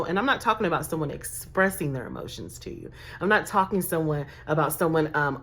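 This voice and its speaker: A woman, giving emphatic, sassy dating advice as a life coach with laughing asides. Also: on the low side. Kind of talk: direct-to-camera advice talk.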